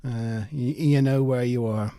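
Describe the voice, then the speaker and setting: A man's voice: mid-range voice, fairly even intonation, measured pace, warm tone, no room sound, studio quality. A man co-hosting a live stream, chatting casually and self-deprecatingly, laughing often. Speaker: podcast co-host.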